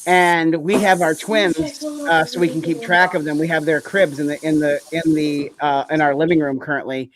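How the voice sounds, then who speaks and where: A man's voice: on the high side, fairly even intonation, normal speed, crowd noise. A man co-hosting a podcast, telling a story in casual chat with rambling phrasing. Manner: rambling, many "like" fillers. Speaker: podcast co-host.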